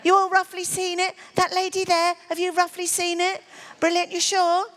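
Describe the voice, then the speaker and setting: High-voiced woman teasing on stage. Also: monotone, moderate pace, a bit bright. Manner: teasing and flirty, calls the volunteer darling. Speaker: comedy magician. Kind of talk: stage comedy patter with a volunteer.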